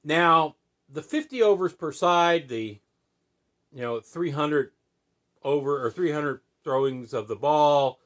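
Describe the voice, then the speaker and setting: A man's voice: a little high, slow pace, a bit bright. An American man hosting a podcast, explaining a sport in a casual, folksy way with many fillers and "right?" asides. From United States. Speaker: podcast host.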